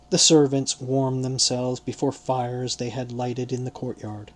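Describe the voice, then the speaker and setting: A man narrating a literary audiobook in a measured, deliberate reading style. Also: medium pitch.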